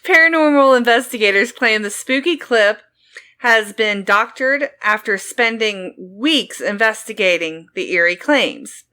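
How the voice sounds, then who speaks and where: Slow, bright-voiced woman. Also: on the high side, expressive, clear, resonant tone. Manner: hesitant, halting, giggly. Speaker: podcast co-host. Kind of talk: casual chat, reading news stories.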